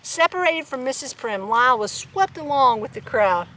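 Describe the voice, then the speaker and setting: A woman's voice: sits high, animated, moderate pace, fairly bright tone, slight background noise, low-quality recording. A woman reading a children's picture book aloud outdoors on a farm, with playful asides to her animals. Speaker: storybook reader.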